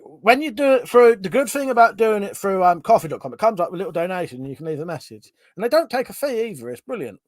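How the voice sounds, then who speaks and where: Bloke streaming, reads chat out, laughs a lot, swears loads, bit high voice, dry sound. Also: male voice, no room sound. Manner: laughs often, swears freely, chatty. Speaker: livestream host. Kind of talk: casual chat, reading viewer comments aloud.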